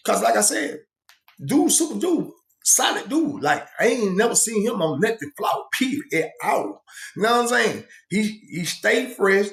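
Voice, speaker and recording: Man telling his own story in loose slang with lots of asides; a bit high-pitched, roomy sound. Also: big pitch swings, moderate pace, gravelly, fairly bright tone. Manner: rambling, slang-heavy, many asides. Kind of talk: casual spoken storytelling. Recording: echoey room.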